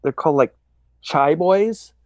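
Man, casual profane storyteller, slightly high voice, dry sound. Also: unhurried, no echo. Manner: profane, rambling, animated storyteller.

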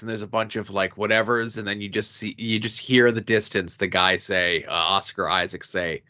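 A man's voice: low voice, fairly even intonation, moderate pace, few pauses, pushed and bright, dull audio. A man co-hosting a podcast in casual chat, wry and joking, often restarting his sentences. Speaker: podcast co-host. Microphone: remote call recording.

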